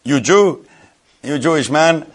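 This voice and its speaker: A man's voice: fairly high pitch, expressive, slow pace, husky, full character voice. A man voicing an older, white-haired neighbour who speaks eager, broken English. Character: older male Polish neighbour, white-haired, proud and chatty.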